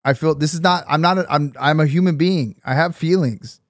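A man's voice: dry recording, studio quality. Man in a flustered podcast argument. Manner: defensive and apologetic, climbing high and loud when upset; reads a statement aloud haltingly. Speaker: podcast co-host. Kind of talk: casual podcast chat.

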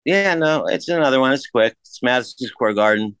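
A man telling a story as a podcast guest in a casual, laid-back way, swearing freely and jumping his pitch up to act out the voices of people he quotes. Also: animated, brisk, a bit bright, clean tone, dry recording. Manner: acts out quoted voices with big pitch jumps.

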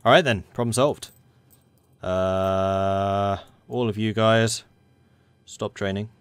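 A man's voice: fairly low pitch, fairly even intonation, slow pace, smooth, dry recording. A man commentating a strategy game, thinking aloud and talking to the game's factions as he plays. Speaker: gaming channel host.

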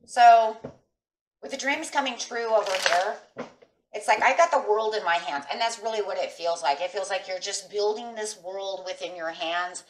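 A woman's voice: mid-range voice, moderate pace, recorded from a distance, a little hiss or hum. A middle-aged woman giving a chatty tarot reading, talking straight to her viewers and checking in with "right?" as she goes. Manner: emphatic, talks straight to viewers with frequent "right?". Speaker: tarot reader. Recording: echoey room, voice off-mic.

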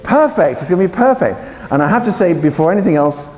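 A man giving a lively, joking conference talk to teachers and quizzing the audience as he goes. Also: sits high, quick pace. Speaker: conference speaker. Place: large conference hall. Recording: echoey hall with faint ambience.

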